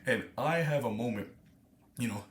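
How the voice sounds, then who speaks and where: A man's voice: medium pitch, normal speed. A man talks through casual reaction commentary, wandering with frequent fillers and false starts. His voice sits in a middling range. The room echoes noticeably, with a faint background hiss. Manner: rambling, many fillers and restarts. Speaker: reaction streamer.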